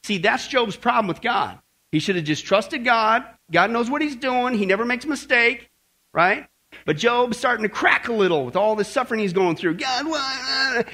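A man with a fairly high, husky voice leads a Bible lesson. His pitch swings widely as he talks, and he keeps asking his listeners "okay?" and "right?". He drops in slang and jokes in a casual, conversational preaching manner. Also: animated, normal speed, pushed and bright. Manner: jokey, uses slang. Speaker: Bible teacher. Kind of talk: sermon-style Bible lesson to a group.

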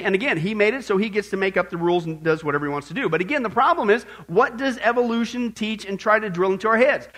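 Man, high voice, preaching, emphatic, joking, rhetorical questions. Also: pushed and bright. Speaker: pastor. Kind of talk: sermon.

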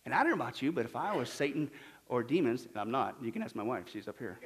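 A man preaching a sermon, rattling off scripture references and swinging from loud emphasis to hushed asides. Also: medium pitch, lively intonation. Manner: rapid scripture citations. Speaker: pastor.

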